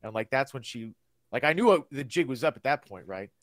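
A man's voice: mid-range voice, animated, a little fast, no echo, studio quality. A man hosting a podcast, chatting in a laid-back, slangy and candid way. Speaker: podcast host. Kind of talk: casual conversation.

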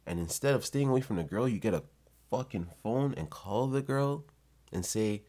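A man's voice: medium pitch, expressive, moderate pace, warm tone. A man giving blunt, profane advice in a casual rant to his viewers.

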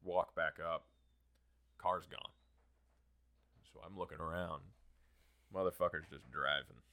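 A young man hosting a podcast, telling a story in a casual, profane, animated way. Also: low-pitched, slow pace. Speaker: podcast host.

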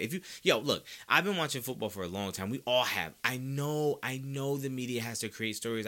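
A man's voice: mid-range voice, pushed and bright. A man hosting a sports podcast, giving emphatic, opinionated commentary straight to his listeners.

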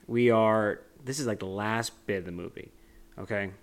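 A man's voice: fairly low pitch, normal speed. A young man co-hosting a podcast, recapping a movie in a rambling, joking way with frequent laughs. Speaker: podcast co-host. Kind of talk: casual movie discussion.

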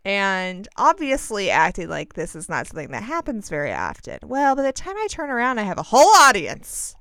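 A woman in her forties telling a casual story with animated delivery, acting out the people in it. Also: medium pitch, fairly quick, dry recording. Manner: animated storytelling with acted quotes. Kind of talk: casual anecdote.

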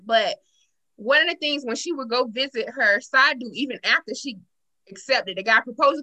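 A woman with a fairly high, bright and forceful voice recounts a story in casual chat. She talks in an animated rush, full of fillers and restarts. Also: normal speed.

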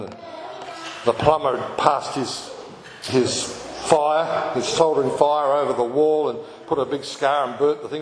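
A man's voice: mid-range voice, steady tone, a little slow. A man, a pastor who preaches an impassioned sermon, repeating phrases for emphasis. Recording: echoey hall with background noise.

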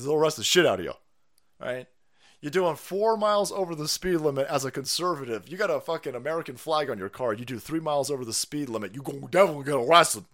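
A man's voice: on the high side, animated, quick pace, fairly bright tone. A man ranting on a live stream, sarcastic and profane, who often laughs at his own jokes. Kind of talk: profane political rant.

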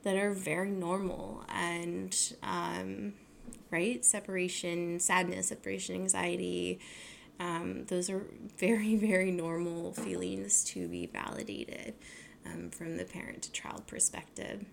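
Rambling young woman with a gravelly voice. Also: lowish voice, level tone, measured pace, a little hiss or hum. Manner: rambling, full of fillers and self-corrections. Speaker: podcast host. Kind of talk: casual solo podcast talk.

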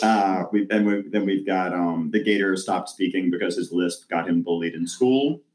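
A man with a very low voice hosts a loose brainstorming session, reading out suggestions and reacting with delight. His voice carries a noticeable echo from the room around him. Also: moderate pace, darkish tone. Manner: enthusiastic, laughs often. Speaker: podcast host reading listener suggestions. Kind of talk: casual brainstorm chat.

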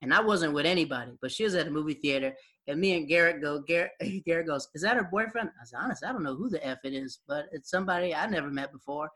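A young man casually reminiscing with an old friend, animated, acting out quoted voices and laughing often. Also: fairly high pitch, fast. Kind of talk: casual storytelling chat.

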